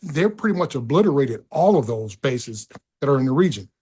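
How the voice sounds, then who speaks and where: Excitable, stumbling middle-aged man. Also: medium pitch, brisk, breathy edge. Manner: excitable and profane, stumbling over his words. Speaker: podcast guest. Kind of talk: casual political chat.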